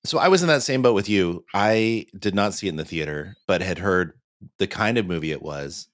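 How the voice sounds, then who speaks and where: Low-voiced animated male podcast host. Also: a little fast, no room sound, clean studio sound. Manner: animated storytelling, acts out quotes. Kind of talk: casual chat.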